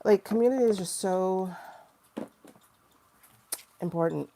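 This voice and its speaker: A woman's voice: mid-range voice, a little slow, warm tone, a little hiss or hum. A woman in her forties hosting a livestream, chatting loosely and emotionally while reading tarot cards and answering viewer comments. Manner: chatty, rambling and emotional, reacting to chat comments. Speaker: tarot reader and livestream host.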